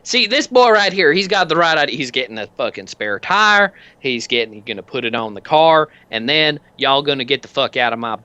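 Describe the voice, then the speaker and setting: A surly biker gang leader who threatens and curses through every line, as a game master puts him on. The voice is forceful and bright, recorded dry and close. It sounds like a tabletop game scene. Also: male voice, medium pitch, lively intonation, brisk, few pauses, no room sound, dull audio. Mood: angry. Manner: gruff, threatening, swearing constantly.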